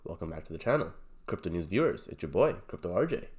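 Congested young man with a lowish, nasal voice. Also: sing-song, fast, a little mellow, slightly rough. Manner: rambling, loose, heavy on fillers like "like" and "um". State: sick with a cold. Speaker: crypto channel host. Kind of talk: casual video commentary.

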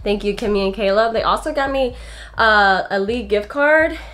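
A woman's voice: medium pitch, normal speed, a bit bright. A young woman in her twenties gushes through a casual show-and-tell of her gifts, sounding a little out of breath. She chats easily and giggles often, recorded at home in her bedroom. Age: 20s. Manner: chatty and gushing, giggles often. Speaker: vlogger.

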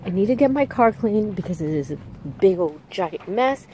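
A young woman chatting excitedly in a casual vlog, telling stories as she moves around her home and yard. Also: mid-range voice, moderate pace, a little hiss or hum. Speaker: vlogger and makeup artist.

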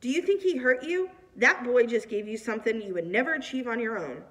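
A woman's voice: fairly high pitch, animated, a little fast, fairly bright tone. A woman reading the lines of a blunt, scornful middle-aged male mentor in a storybook, from a distant mic.

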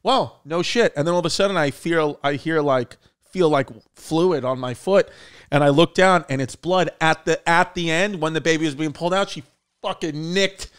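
A male comedy podcast host telling stories in a casual chat, jumping into loud acted quotes. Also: fairly high pitch, moderate pace, clear, resonant tone.

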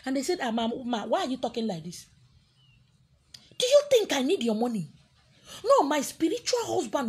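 A woman with a Nigerian accent, preaching as a spiritual teacher in a scolding, confrontational way. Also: high-pitched. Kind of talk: preaching to an audience.

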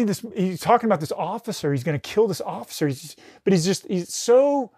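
Brief: middle-aged male veteran guest, pitched a touch high, dry close sound, intense and profane, lots of false starts. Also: fast, hardly any pauses, a little mellow, no echo. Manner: intense, heavy swearing, frequent restarts. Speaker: podcast guest, retired military rescue specialist. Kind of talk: recounting a combat story in casual conversation.

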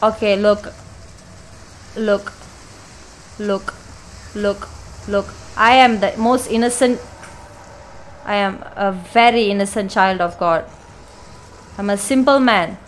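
A woman gamer playing a horror game, panicky and swearing, pleading out loud with the monster chasing her. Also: medium pitch, takes it slowly, pauses often, slight background noise, poor audio. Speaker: let's play gamer.

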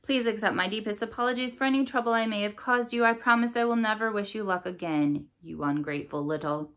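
A sulky young girl grudgingly writing apologies, as a woman reads her, her words dripping with sarcasm. The voice is bright and lively, a touch raised for the letters. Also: on the low side, unhurried, heavily acted. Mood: sarcastic. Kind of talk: storybook read-aloud.

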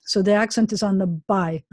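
A woman's voice: on the high side, moderate pace, darkish tone, no echo. A woman rabbi teaching a Hebrew class over a video call, chatty and self-deprecating.

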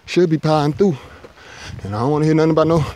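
A man's voice: fairly high pitch, very fast, mellow. A man, vlogging casually as he hikes a forested mountain ridge, a little winded from the climb. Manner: laid-back, talkative, jokey. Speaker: thru-hiker vlogger. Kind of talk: casual hiking vlog.

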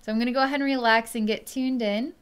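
Soft-spoken woman giving a slow psychic reading. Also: fairly high pitch, fairly even intonation, clean tone. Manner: slow, hesitant speech with many pauses and fillers; soft and quiet when tuned in. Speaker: psychic energy healer. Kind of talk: solo reading monologue to camera.

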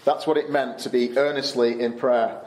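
A man's voice: mid-range voice, fairly even intonation, moderate pace, a little mellow, reverberant, a little hiss or hum. Man giving a casual Bible talk. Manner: conversational, with fillers and restarts. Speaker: camp speaker. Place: Canada.

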